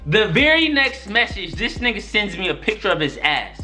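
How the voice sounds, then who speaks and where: A man's voice: high-pitched, big pitch swings, moderate pace, sharp tone, soft background music. A young man telling a story-time tale in casual, profane slang, often repeating "son" and "my nigga". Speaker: YouTube storyteller.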